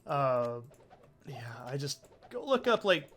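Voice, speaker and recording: A man rambles through casual gameplay commentary, swearing freely and jumping between thoughts. His voice sits a little high for a man. A light hum of background noise runs under the recording. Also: very animated, slow, fairly bright tone. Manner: rambling, profane, chatty. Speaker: let's play host.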